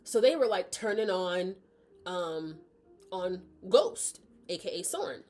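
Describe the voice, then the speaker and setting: A woman's voice: on the low side, expressive, takes it slowly, darkish tone, faint music behind. A woman chatting casually as she reviews a book, rambling and often correcting herself.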